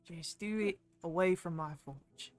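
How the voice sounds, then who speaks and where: A woman voicing a gruff, hostile male dwarf who owns a forge, talking bluntly and with threats. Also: on the low side, measured pace, soft background music, natural voice. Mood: irritated.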